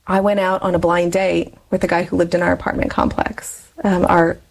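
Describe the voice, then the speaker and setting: A woman's voice: lowish voice, level tone, moderate pace, gravelly, rough recording. A woman in her forties, a guest in an interview, telling a personal story in a chatty way and laughing often between phrases.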